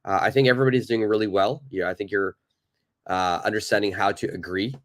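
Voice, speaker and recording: A man's voice: lowish voice, fairly even intonation, fast talker. A man teaching a live online English lesson, chatting loosely with many fillers and reading from the chat.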